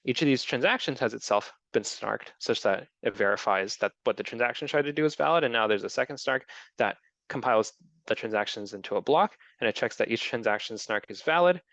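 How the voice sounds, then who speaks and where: A man's voice: mid-range voice, animated, brisk, a bit bright, no echo. Man explaining blockchain tech, dull sound. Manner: explanatory, with many ums and restarts. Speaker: presenter. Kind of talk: technical talk with audience questions.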